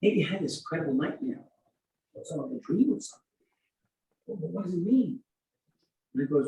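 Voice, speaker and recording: An older man, a rabbi teaching an informal Torah class, telling stories and acting out dialogue in an animated way. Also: fairly high pitch, fairly quick, gravelly, pauses often. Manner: animated storytelling, acts out dialogue. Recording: echoey room, mic at a distance.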